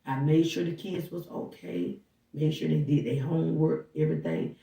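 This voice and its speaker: A woman with a gravelly, fry-edged voice recounts what she saw in an animated, casual way, slipping into the voices of the people in her story. She sits away from the microphone in an echoey room. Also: low-pitched, normal speed. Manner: animated, acts out dialogue while recounting. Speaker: housekeeper. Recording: roomy, distant from the mic.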